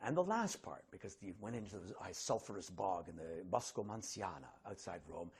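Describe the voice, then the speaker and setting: A middle-aged man, an actor, telling an animated story to an audience and acting out the voices of the people in it. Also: low voice, fairly quick, slightly rough. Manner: animated, acts out voices of others in his stories.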